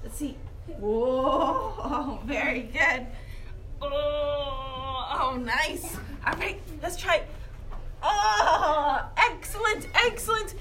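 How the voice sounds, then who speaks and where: High, slow, excited woman leading kids yoga. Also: distant mic, a little hiss or hum. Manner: playful, excited cueing with many exclamations. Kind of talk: leading a children's yoga class. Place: yoga studio with children. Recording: roomy room with guitar music.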